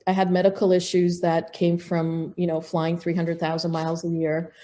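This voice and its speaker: A middle-aged woman, a podcast guest, telling a personal story in a lively way with restarts. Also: on the low side, normal speed. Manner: animated, acts out quoted dialogue, frequent restarts. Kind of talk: casual storytelling in an interview.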